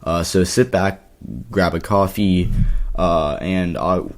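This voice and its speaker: Slightly hoarse man with a very low voice. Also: steady tone, takes it slowly. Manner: rambling, filler-heavy, self-correcting. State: slightly hoarse from yelling at a party. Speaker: political commentary YouTuber. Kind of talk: casual explainer commentary.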